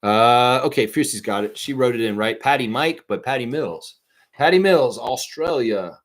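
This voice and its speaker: A man's voice: medium pitch, normal speed, a bit bright. A man hosting a casual live stream, chatting loosely and reading viewer comments aloud. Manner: chatty, reads chat aloud, sings snatches of songs.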